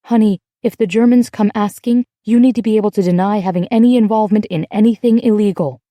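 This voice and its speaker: A cautious, protective grown woman, read by the audiobook narrator, calm and steady as she explains. The voice is warm and mellow, dry and close. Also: medium pitch, quick pace, no room sound, close to an everyday voice. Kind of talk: audiobook character voice.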